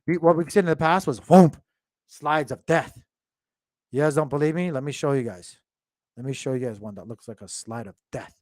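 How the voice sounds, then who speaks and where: A man's voice: medium pitch, fairly quick, dry recording, studio quality. A man hosting a casual crypto market video, thinking aloud and rambling with lots of fillers. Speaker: crypto channel host. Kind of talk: casual market commentary to viewers. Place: home.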